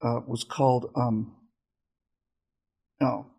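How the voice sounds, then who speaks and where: A male host with a gravelly, husky voice and a middling pitch. He talks in a casual, hesitant way, pausing to search for words as he recounts something. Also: little pitch movement, darkish tone. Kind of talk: casual chat.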